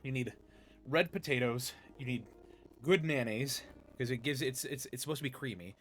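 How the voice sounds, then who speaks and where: A man's voice: medium pitch, normal speed, fairly bright tone, slight background noise. A man hosting a casual chat, reading recipes aloud and laughing often. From United States. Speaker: podcast host.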